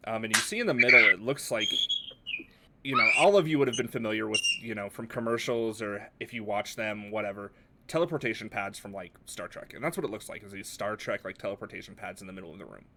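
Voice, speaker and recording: A man's voice: lowish voice, fairly quick, noisy background. A man narrating a tabletop game as game master, casual with many fillers.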